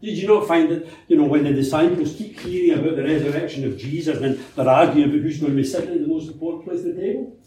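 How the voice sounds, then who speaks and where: Heard from a distance in a very echoey church hall, a man preaches a sermon conversationally, posing rhetorical questions and sharing anecdotes. His voice is fairly high and mellow, and he talks very fast. A little hiss or hum is audible.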